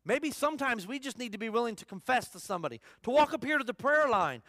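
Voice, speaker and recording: High-voiced man preaching a sermon. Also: animated, fast talker, creaky, hardly any pauses, bright, forceful tone, dry recording, clean studio sound. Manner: conversational preaching with repeated phrases and questions. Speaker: pastor. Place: church service.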